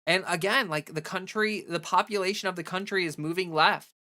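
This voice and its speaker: A woman hosts a casual livestream in a lowish, fairly quick voice. She rants and reads chat animatedly, leaning hard on "like" and constantly restarting her sentences.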